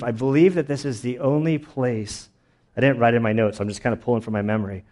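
A man's voice: mid-range voice, dark tone. A young adult man preaching a sermon in a casual, conversational way, with plenty of fillers and little acted-out quotes. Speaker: pastor.

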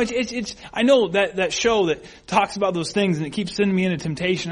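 A man delivers a sermon in a light, high-pitched voice. He preaches conversationally and with animation, reading scripture and then slipping into exaggerated voices to act out everyday excuses. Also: fairly quick, few pauses. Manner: animated, acts out quoted people in raised voices. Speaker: pastor.

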